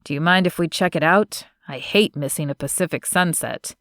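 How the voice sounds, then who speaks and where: A woman narrator voicing a smitten young man, the earnest romantic lead of an audiobook, in a slightly lowered, tender delivery. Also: moderate pace, a bit bright, no room sound, clean studio sound. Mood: eager. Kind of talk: audiobook character voice.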